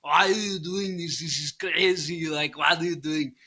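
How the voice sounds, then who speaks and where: A young man playing a baffled guy who scolds someone with rapid, exasperated questions. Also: on the high side, fairly even intonation, sharp tone.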